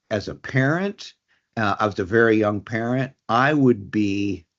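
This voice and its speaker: A man in his sixties, a guest in an interview, talking reflectively and haltingly with many restarts and fillers. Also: low voice. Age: 60s. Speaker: guest, addiction treatment executive. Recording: dull lo-fi audio.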